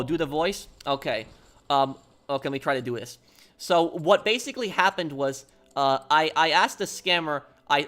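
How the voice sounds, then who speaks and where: A man's voice: medium pitch, a bit bright. A young man chatting casually with viewers during a game stream, rambling and restarting often. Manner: rambling, many fillers and restarts.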